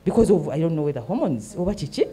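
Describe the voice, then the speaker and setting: Emphatic Ugandan woman, quick and lively. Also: sits low. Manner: emphatic, mixes English and Luganda, asks "eh?" often. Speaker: host and mentor. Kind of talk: animated talk show monologue.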